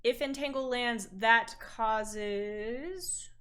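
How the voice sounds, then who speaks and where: A woman running a tabletop game as game master, giving calm, matter-of-fact rulings. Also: fairly high pitch, very slow, clean tone.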